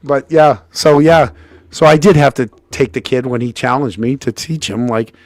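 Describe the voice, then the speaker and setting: A man's voice: normal speed, no room sound. A middle-aged man telling a casual anecdote, acting out the quotes with big jumps in his voice and often restarting his sentences. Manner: animated, acts out quotes with big pitch jumps, frequent restarts.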